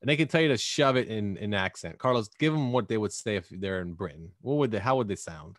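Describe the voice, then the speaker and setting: A man hosting a podcast in casual chat, animated and joking, often slipping into mock voices. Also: lowish voice, fast, no echo, clean studio sound. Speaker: podcast host.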